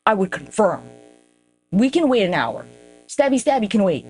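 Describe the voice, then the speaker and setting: A woman's voice: mid-range voice, very animated, moderate pace, a little mellow. Profane, rambling woman talking to viewers. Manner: profane, rambling, self-mocking; talks straight to viewers. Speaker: podcast host. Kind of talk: casual rambling monologue.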